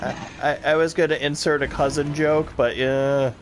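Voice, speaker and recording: A man's voice: fairly high pitch, flat delivery, normal speed, faint music behind. A man with a Wisconsin accent chatting casually while playing a game, rambling and full of fillers. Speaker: co-host of a gaming stream.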